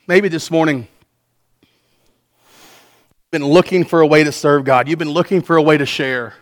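A man preaching a sermon as pastor, earnest, swinging between soft passages and loud ones. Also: fairly high pitch, moderate pace, long pauses.

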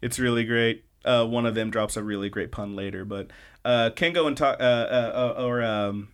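This podcast co-host has a medium-pitched, slightly bright, clean-sounding voice and a moderate pace. He recaps episodes with casual excitement, rambling and leaning heavily on "like" and restarts.

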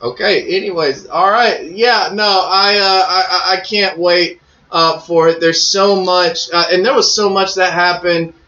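A man co-hosting a casual chat, excitable and swearing freely, with many "like" fillers. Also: sits high, unhurried. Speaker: podcast co-host. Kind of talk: casual chat about pro wrestling. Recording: echoey, muffled lo-fi audio.

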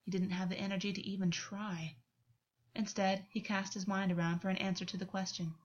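A woman reading a story aloud as narrator in an even, unhurried way. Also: mid-range voice. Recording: dull lo-fi recording.

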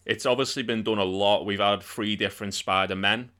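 Young man, lowish voice, bright and forceful tone, upbeat, asks the questions. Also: steady tone, a little fast. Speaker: podcast co-host. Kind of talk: casual chat.

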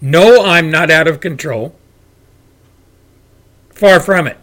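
A man hosting his own show, delivering a loud, forceful political rant. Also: on the high side, slow pace. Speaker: show host. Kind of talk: political commentary monologue.

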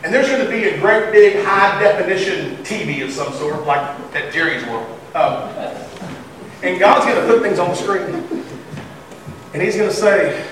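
A pastor's high voice rings through a very echoey church sanctuary at normal speed as he preaches with humor and sudden excited shouts. The mic sits some distance away, and a faint hum runs underneath.

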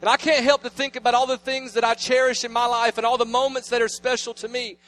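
High-voiced preaching man, dynamic. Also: little pitch movement, quick pace. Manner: storytelling, swings between loud preaching and hushed asides. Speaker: pastor. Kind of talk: sermon.

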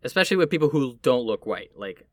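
A man's voice: medium pitch, fast talker, no echo. Chatty man from Puerto Rico, dry sound. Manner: chatty, animated storytelling, laughs easily. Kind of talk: casual conversation.

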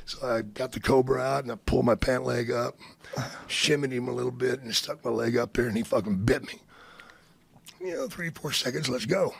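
A man telling a story in casual talk, animated and swearing freely, often breaking into laughter. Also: mid-range voice, fairly quick, vocal fry, husky, dry recording. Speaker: guest storyteller.

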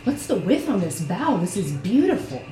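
A woman playing a tabletop game, chatting playfully and reacting quickly. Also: mid-range voice, big pitch swings, warm tone, echoey room, soft background music. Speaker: player. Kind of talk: casual tabletop play.

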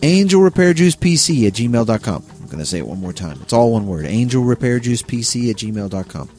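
A male podcast co-host in casual, jokey chat, his pitch swinging widely as he talks. He stumbles over words and laughs along, with faint music underneath. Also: very animated, a little fast, darkish tone.

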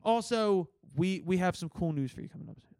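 A young man with a high-set voice tells a raucous story from behind the bar, full of swearing and quoted back-and-forth. He sits right at the mic in a dry, dead room. It is relaxed podcast banter among friends. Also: brisk, creaky, no echo. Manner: animated, profane storytelling with acted-out quotes. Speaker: podcast co-host.

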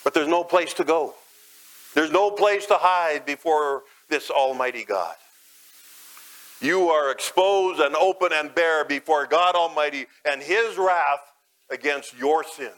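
A man's voice: a little slow, rough recording. Dramatic male preacher. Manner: dramatic, swells loud and high then drops soft and low. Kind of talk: sermon, guided imagery.

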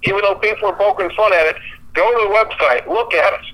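A man's voice: sits high, fast, bright, forceful tone, poor audio. A man co-hosting a casual podcast, ranting bluntly with frequent swearing. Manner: blunt, profane, exasperated ranting. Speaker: podcast co-host. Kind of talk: casual sports podcast chat.

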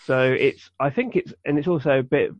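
Fairly quick and mid-range, a male co-host's voice carries a casual podcast chat full of rambling, restarts and fillers. The dry recording has a dull, lo-fi sound.

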